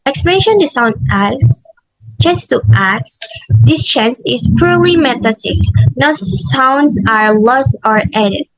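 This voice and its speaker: A woman's voice: sits high, animated, no echo, low-quality recording. A young woman with an Indonesian accent presenting a linguistics assignment, reading carefully and correcting herself as she goes. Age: young adult. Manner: slow, careful, with self-corrections and restarts. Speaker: student presenter.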